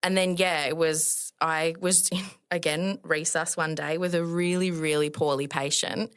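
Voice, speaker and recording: A young woman with an Australian accent tells a work story in a chatty, lively way, with a fairly low speaking voice. She keeps jumping up in pitch to play out the people she quotes. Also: measured pace, clear, resonant tone. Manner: chatty, acts out quoted dialogue with big pitch jumps. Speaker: guest, emergency nurse. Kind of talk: casual storytelling interview.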